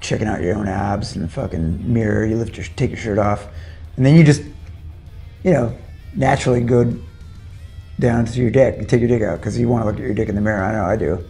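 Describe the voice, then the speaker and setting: Crude, boastful rock singer. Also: male voice, fairly low pitch, steady tone, a little fast, creaky, mellow, soft background music. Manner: crude, boastful, mock-serious. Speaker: band's singer. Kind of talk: joking backstage interview. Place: backstage at a venue.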